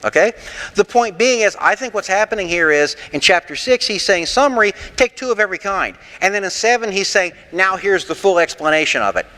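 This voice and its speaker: Man preaching, high clear voice, lively and rhetorical, church hall echo. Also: fairly quick. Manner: animated, rhetorical, lightly sarcastic. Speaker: pastor teaching a Bible class. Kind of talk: interactive sermon with questions.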